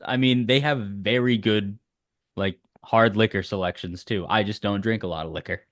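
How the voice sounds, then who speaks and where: A man's voice: on the low side, normal speed, fairly bright tone, no room sound, clean studio sound. A man co-hosting a casual podcast, talking loosely and chatting with lots of filler words. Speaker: podcast co-host. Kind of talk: casual chat.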